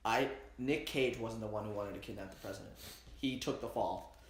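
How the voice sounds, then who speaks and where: A man's voice: lowish voice, normal speed, slight background noise. A man co-hosting a casual podcast, tossing in dry puns and jokes. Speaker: podcast co-host. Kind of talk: casual chat. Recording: roomy echo.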